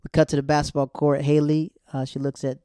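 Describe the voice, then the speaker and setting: A man with a mellow, warm voice talks through a TV episode recap in loose, slangy chat. He jumps into the characters' lines in quick bursts. The sound is dry and close, with no room around him. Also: a little high, little pitch movement, clean tone, no room sound.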